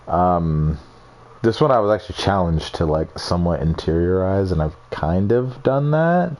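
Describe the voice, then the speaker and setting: With a low, expressive and slightly mellow voice at a moderate pace, a young man casually screen-records a walkthrough of his game builds. He rambles, swears freely and puts down his own work.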